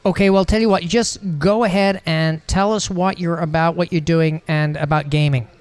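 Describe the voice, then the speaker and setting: A man's voice: a little high, steady tone, moderate pace, clean tone, no room sound. A man co-hosting a casual podcast, joking, teasing and rambling. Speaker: podcast co-host.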